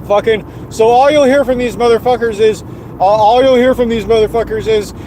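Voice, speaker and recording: A man with a high-pitched voice delivering a heated, profanity-laden rant, repeating himself as he goes. Faint outdoor traffic and car sounds sit in the background. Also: moderate pace, darkish tone. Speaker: streamer. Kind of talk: angry ranting monologue.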